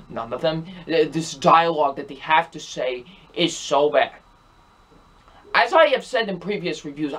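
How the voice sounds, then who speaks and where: A man's voice: fairly high pitch, a bit bright. A young man giving a ranting movie review, exasperated and emphatic, repeating himself over and over.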